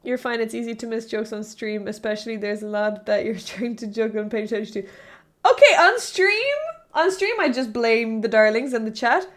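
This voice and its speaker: Young woman streamer, slightly high voice, chatty and giggly, keeps backtracking mid-sentence. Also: fairly quick, hardly any pauses. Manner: rambling, self-correcting, laughs often. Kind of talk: casual live-stream chat.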